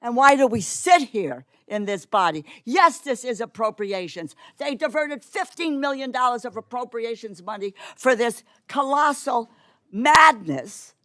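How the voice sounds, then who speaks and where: A woman's voice: on the high side, lively intonation, a little slow, pushed and bright, dry recording, studio quality. A woman committee member giving an impassioned, indignant floor speech full of rhetorical questions. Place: committee hearing room.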